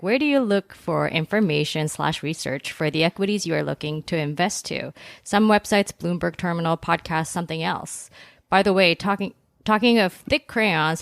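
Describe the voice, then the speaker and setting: A woman's voice: on the low side, gravelly, no room sound, clean studio sound. A woman reading a listener question to a podcast in a light, friendly manner.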